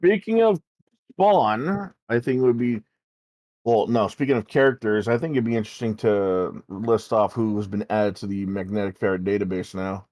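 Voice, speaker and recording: A man's voice: lowish voice, moderate pace, darkish tone, no echo. Blunt, profane man on a dry mic. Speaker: podcast co-host. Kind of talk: casual livestream chat.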